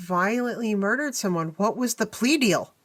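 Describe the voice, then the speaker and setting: A woman's voice: mid-range voice, animated, moderate pace. A woman co-hosting a true crime podcast, reacting to the story in casual chat with outraged, joking remarks. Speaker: podcast co-host.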